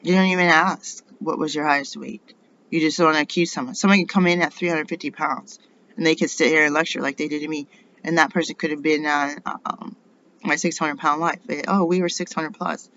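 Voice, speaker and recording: A woman's voice: low-pitched, flat delivery, a little fast, fairly bright tone. An indignant middle-aged woman rambles through a personal monologue and fires off rhetorical questions. The recording sounds dull and lo-fi. A faint hiss sits underneath. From United States. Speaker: vlogger.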